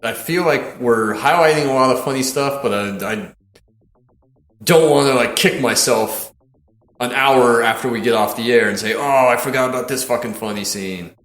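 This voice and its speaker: Man, podcast host, casual film chat, excited scene recaps, frequent laughter, echoey room. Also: medium pitch, normal speed, soft background music. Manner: animated retelling of scenes, laughs often, swears.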